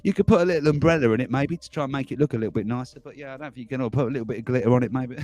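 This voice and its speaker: A man's voice: medium pitch, racing, a little mellow, dry recording. Guy rambling on a stream, laughs a lot, dry sound, bit of music behind. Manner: chuckling, rambling, self-mocking. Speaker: livestream host. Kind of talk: casual chat reading viewer comments.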